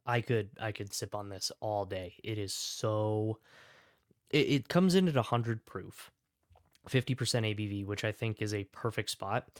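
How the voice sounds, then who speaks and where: A man's voice: on the low side, normal speed, no echo, studio quality. A man hosting a casual whiskey review, talking enthusiastically and rambling with fillers and self-corrections. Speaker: whiskey reviewer and podcast host.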